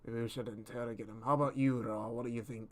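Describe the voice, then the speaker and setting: A man playing a tabletop game, speaking in character with halting restarts. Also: medium pitch, fairly even intonation. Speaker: player.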